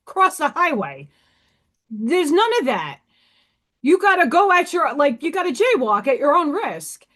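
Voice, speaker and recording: A woman's voice: high-pitched, fairly bright tone. A woman from New York hosting a casual livestream, talking frankly and emphatically to her viewers. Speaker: livestream host.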